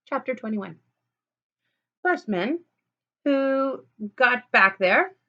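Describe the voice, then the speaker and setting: A woman reads a children's storybook aloud in a playful, chatty way, breaking off to talk straight to the listener. Her voice sits fairly high, and the recording sounds dull and lo-fi. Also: animated, drawn-out words. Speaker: storybook reader. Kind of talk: children's book read-aloud.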